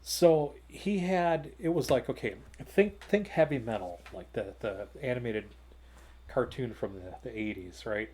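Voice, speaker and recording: A man's voice: medium pitch, a little slow, mellow, slightly rough. A man telling a long, rambling anecdote on a gaming talk show, full of fillers and restarts, recorded at home in his hobby room.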